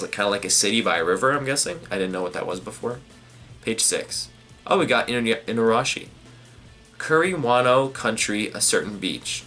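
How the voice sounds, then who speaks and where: A man hosting a live manga reaction, reading pages aloud and thinking out loud with casual swearing and lots of fillers. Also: on the low side. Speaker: manga reaction channel host.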